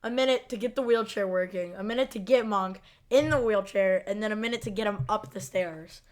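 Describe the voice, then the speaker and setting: Brief: woman co-host, casual and blunt, mid-pitched everyday voice. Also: a little fast. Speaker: podcast co-host. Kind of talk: casual chat.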